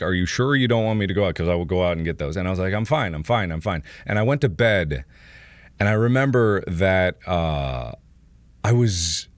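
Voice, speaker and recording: A man in his twenties, chatting on a livestream and telling rambling stories while reading chat. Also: no echo. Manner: rambling storytelling, reads chat, lively swings in pitch. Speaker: streamer.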